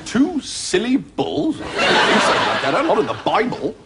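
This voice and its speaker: An actor playing a foppish, dim-witted young prince with a plummy, guffawing voice, in 1980s sitcom style. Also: male voice, high-pitched, huge pitch swings, measured pace, very noisy, heavily acted. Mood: jolly.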